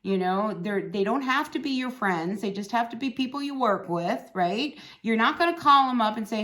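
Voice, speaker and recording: A woman's voice: fairly high pitch, lively intonation, normal speed, hardly any pauses, fairly bright tone. Chatty woman giving a tarot reading. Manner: chatty, encouraging, frequent "right?" and "you know". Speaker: tarot reader.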